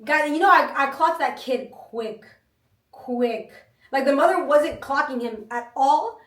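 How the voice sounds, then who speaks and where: High-voiced young woman telling stories. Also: a little slow. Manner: lively storyteller, swears, addresses viewers as guys. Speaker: podcast co-host. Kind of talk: casual chat. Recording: echoey room, mic at a distance.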